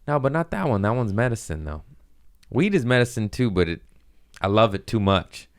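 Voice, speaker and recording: Man, podcast host, very deep voice, smooth and resonant, casual profane joking. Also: big pitch swings, moderate pace, no room sound, clean studio sound. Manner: loose, profane, jokey storytelling. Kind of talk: casual chat.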